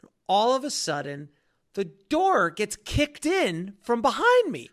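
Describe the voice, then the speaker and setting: Animated, high-voiced male podcast host. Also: unhurried. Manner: animated storyteller, swears freely. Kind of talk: casual podcast chat.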